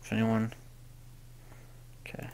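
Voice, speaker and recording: A young man giving casual gameplay commentary, rambling and swearing, often panicking out loud. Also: slow pace. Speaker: gaming youtuber.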